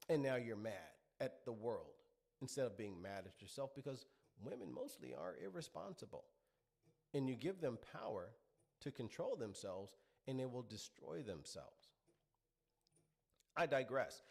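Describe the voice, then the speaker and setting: Here a middle-aged commentary host holds forth in an opinionated monologue, talking down to listeners and firing off one rhetorical question after another. His voice is mid-range, slightly mellow, and creaky.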